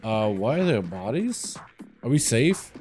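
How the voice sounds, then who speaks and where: A man's voice: mid-range voice, big pitch swings, measured pace, darkish tone, soft background music. A young man hosting a casual gaming livestream, rambling in slangy talk and greeting chat by name while sounding tired. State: tired, no coffee. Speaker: livestream host. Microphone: desk mic in front of green screen.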